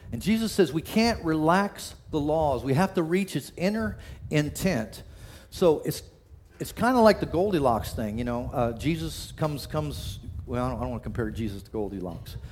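A man's voice: fairly high pitch, expressive, normal speed, a little mellow, a little hiss or hum. A man preaching a sermon in a conversational way, often restarting his sentences and acting out quotes. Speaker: pastor.

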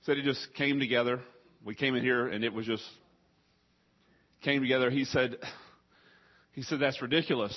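A man preaching to a congregation in a husky, mid-pitched voice. He keeps talking through a nagging cough that chokes him up. The recording sounds muffled and lo-fi. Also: steady tone, normal speed, long pauses. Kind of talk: sermon.

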